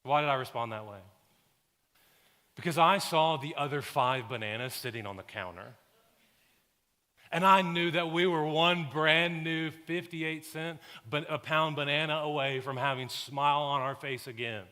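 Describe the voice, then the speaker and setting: This is a man in his thirties, a pastor with a Southern American accent, delivering a sermon. His voice is bright and forceful, and it rings through a large sanctuary with a long reverb. He tells stories, moving from hushed asides to loud, lively bursts. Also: a little high, moderate pace. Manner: storytelling, swings from hushed to loud animated bursts.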